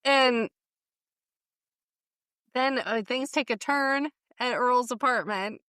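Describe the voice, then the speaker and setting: Female co-host, higher voice, lively recap chat with quick laughs, dry close recording. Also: dry recording. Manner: animated, acts out quoted lines, laughs often. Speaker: podcast co-host. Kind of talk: casual chat recapping a TV show.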